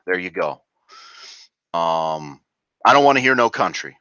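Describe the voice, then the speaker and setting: A man's voice: deep voice, lively intonation, measured pace, pauses often, sharp tone, smooth, no echo. A man doing a reaction commentary vlog, ranting crudely and rambling with fillers and restarts. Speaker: video commentator. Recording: dull lo-fi dry recording.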